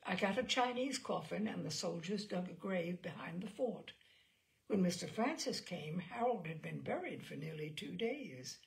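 Lady reading a calm cold young widow, flat and unrepentant, bit gravelly. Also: on the low side, normal speed. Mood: coolly recounting. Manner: matter-of-fact, unrepentant telling.

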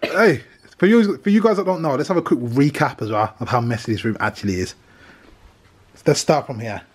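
Lively teasing British dad. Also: male voice, mid-range voice, a little fast, a little hiss or hum. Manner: teasing, jokey, bantering. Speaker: family vlogger dad. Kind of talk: casual family vlog. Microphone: handheld camera.

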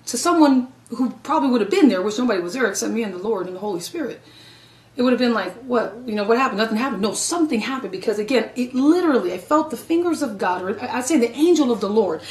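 Middle-aged female evangelist, high pitch, dramatic testimony sermon with loud-to-hushed swings, echoey room. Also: lively intonation, quick pace, far from the mic.

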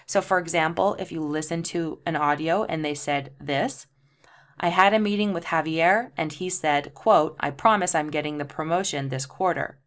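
Brief: woman tutor, lower-pitched voice, patient step-by-step explaining. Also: moderate pace, fairly bright tone. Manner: explanatory, reads example sentences aloud spelling out punctuation. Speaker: transcription tutor. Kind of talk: screen-share tutorial.

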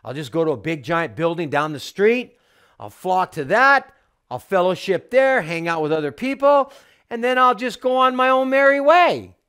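A man delivers a sermon with fervent, insistent conviction. His voice sits high and swings widely as he hammers home repeated phrases. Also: expressive, moderate pace, a bit bright, clear, resonant tone. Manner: fervent, repetitive preaching with emphatic refrains. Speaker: home church teacher.

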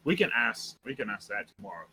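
A man's voice: fairly low pitch, big pitch swings, fairly quick, bright, forceful tone, husky, rough recording. A man on a voice call who stammers and repeats himself. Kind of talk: casual chat.

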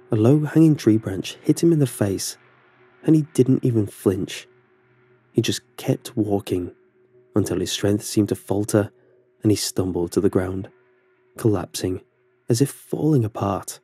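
A man narrating a horror story in a steady, measured way. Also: fairly low pitch, husky, dry recording.

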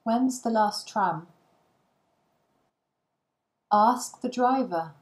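A woman reading short English phrases one at a time for language learners, with pauses between them. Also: on the high side, a little mellow.

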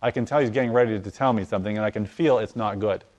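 A man telling a story in conversation, acting out the dialogue as his voice swings from loud to hushed. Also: lowish voice, rapid-fire. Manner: animated, acts out dialogue with voice rising and falling. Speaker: guest telling a testimony.

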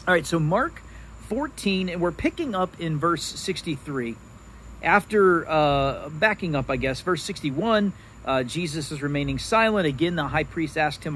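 Slow, halting man teaching a devotional. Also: a little high, lively intonation, fairly bright tone, a little hiss or hum, low-quality recording. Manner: slow, halting, many restarts and fillers. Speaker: pastor.

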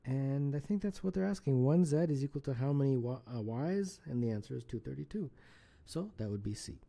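Mellow-voiced man tutoring math. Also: medium pitch, expressive, brisk, vocal fry. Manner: casual, self-correcting, chuckles at slips. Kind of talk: solving contest problems aloud.

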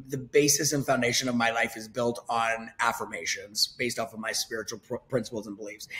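A man in his forties talking openly as an interview guest, emphatic and quick to swear. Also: medium pitch, a bit bright. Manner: candid and emphatic, swears freely. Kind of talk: casual conversation.

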